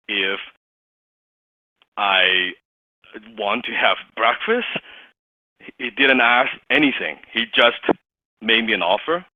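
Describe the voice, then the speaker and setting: A man telling a personal story as a motivational business speaker, animated, laughing often and stumbling over restarts. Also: on the low side, no echo. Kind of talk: storytelling talk. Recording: dry, tinny phone-like sound.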